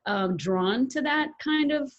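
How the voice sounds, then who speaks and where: A woman's voice: sits high, expressive, takes it slowly, dull audio. A woman hosting an interview, asking her guest long, conversational questions. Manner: conversational, rambling questions with fillers. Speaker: host.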